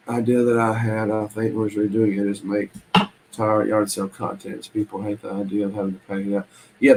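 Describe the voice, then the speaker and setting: A man's voice: on the low side, a little hiss or hum, rough recording. Folksy man chatting on a stream. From Southern United States. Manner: rambling, folksy, lots of ums and restarts. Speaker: reseller hosting a live stream. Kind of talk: casual live-stream chat.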